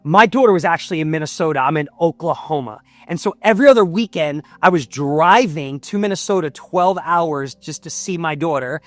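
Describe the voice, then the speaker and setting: A man, a coaching guest on a podcast, telling an intense, heartfelt personal story that builds to shouts at its peaks. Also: fairly high pitch, expressive, fairly quick, few pauses, dry recording.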